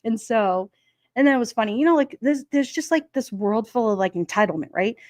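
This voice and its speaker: A woman's voice: on the high side, expressive, fairly quick, dry recording, studio quality. Chatty woman telling stories, laughing. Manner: rambling anecdotes with frequent laughs. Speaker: livestream host. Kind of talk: casual storytelling to chat. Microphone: streaming microphone.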